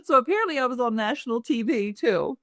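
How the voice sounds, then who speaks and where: Woman author, animated storyteller, dry close recording, interview guest. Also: fairly high pitch, fast talker, no room sound. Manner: lively storyteller who acts out other people's lines. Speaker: author and business owner.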